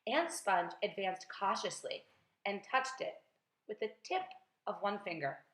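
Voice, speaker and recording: A woman teacher reading a children's book aloud with lively, expressive storytelling. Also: mid-range voice, unhurried. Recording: roomy echo.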